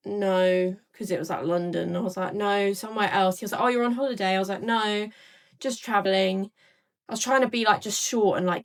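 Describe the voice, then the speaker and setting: Chatty young woman telling a story. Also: mid-range voice. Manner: chatty, rambling, filler-heavy retelling. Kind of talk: casual storytelling to camera.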